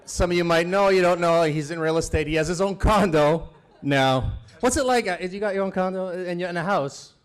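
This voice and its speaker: Brief: a man roasting a friend onstage, slightly higher voice, laughs through the punchlines. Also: brisk. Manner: chuckles through his jokes, loose and teasing. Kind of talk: stand-up roast set. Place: banquet event before a live audience.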